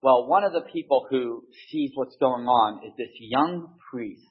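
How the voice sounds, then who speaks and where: Husky man telling a halting story. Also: mid-range voice, narrow, tinny audio. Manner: halting, many restarts and fillers. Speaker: speaker in a group discussion. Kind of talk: casual storytelling.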